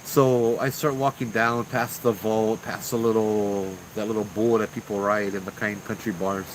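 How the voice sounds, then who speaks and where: A man telling his own ghost story in a casual, slangy, animated way, acting out what people said. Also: on the low side, normal speed, a little hiss or hum, low-quality recording.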